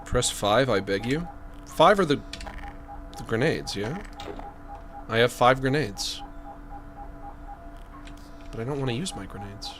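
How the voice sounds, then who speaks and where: A man's voice: mid-range voice, lively intonation, measured pace, long pauses, music in the background. A man streaming a game, rambling through jokey asides as he plays. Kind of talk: casual gaming commentary.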